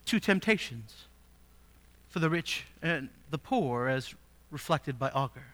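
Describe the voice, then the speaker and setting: A man's voice: medium pitch, expressive, a little slow, fairly bright tone. A male pastor preaching a sermon, reading scripture aloud and asking the congregation rhetorical questions, rising to emphatic peaks.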